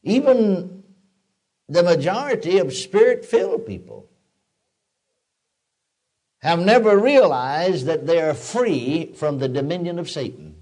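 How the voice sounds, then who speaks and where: A man's voice: a little high, expressive, takes it slowly, pauses often, darkish tone. An older man preaching a sermon in a folksy, storytelling way, building to emphatic declarations.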